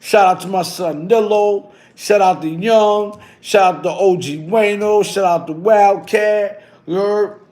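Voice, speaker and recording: A man's voice: sits high, a little slow, hardly any pauses. Slangy middle-aged man chatting on livestream. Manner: loose, slangy storytelling with many shout-outs. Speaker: livestream host. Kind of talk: casual livestream chat.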